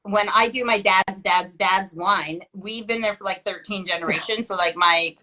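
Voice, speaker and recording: Canadian lady chatting, rambles and cuts herself off a lot, bright sharp voice. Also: mid-range voice, normal speed. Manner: rambling, self-interrupting with many likes. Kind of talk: casual chat.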